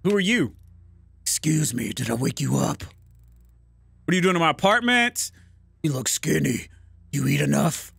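A man reading the lines of a cryptic talking bird in a lower, grave, admonishing voice while playing a game. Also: expressive, normal speed, gravelly, long pauses, a bit bright, slightly rough, no room sound, full character voice. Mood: stern warning.

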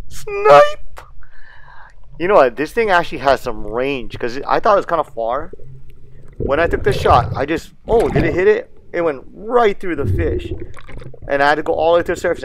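A man talks his viewers through a fishing and diving video, his voice sitting a little high for a man. He is excitable and laid-back, laughs often, and uses island slang. A faint hiss runs under the recording. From Hawaii. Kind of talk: casual narration over footage.

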